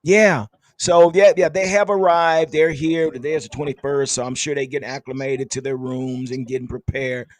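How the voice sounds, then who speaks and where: A man's voice: mid-range voice, fairly even intonation, normal speed, no room sound. A man hosting a casual sports fan podcast, upbeat and chatty, laughing often. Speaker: podcast host.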